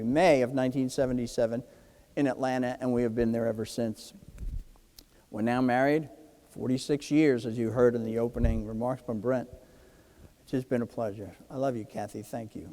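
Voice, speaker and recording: A man's voice: medium pitch, big-room sound. A man in his sixties from New Jersey gives a keynote speech, telling a personal story and acting out the dialogue. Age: 60s. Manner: animated, acts out quoted dialogue. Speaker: keynote speaker.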